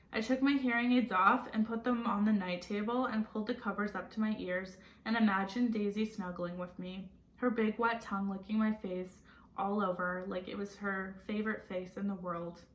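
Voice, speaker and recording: A woman teacher reads a novel aloud in a gentle, reflective voice and pauses to ask her listeners questions. Her voice sits at a middle pitch, and the room gives it a noticeable echo. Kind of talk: reading a novel aloud with commentary. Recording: roomy echo.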